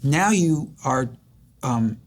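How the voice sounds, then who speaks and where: A man's voice: mid-range voice, expressive, extremely slow. An older man hosting an interview, asking long reflective questions that he builds up with stories of his own. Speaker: host. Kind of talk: interview conversation.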